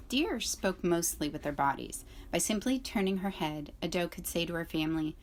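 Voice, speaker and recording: A school librarian reading a children's novel aloud to students, clear and expressive. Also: female voice, lowish voice, normal speed, few pauses. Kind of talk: children's book read-aloud.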